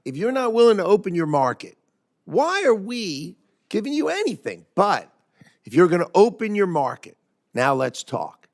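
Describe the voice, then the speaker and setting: A man in his sixties testifying at a hearing, answering questions in a brisk, confident, emphatic way. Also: high-pitched, big pitch swings, gravelly. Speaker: cabinet secretary answering questions.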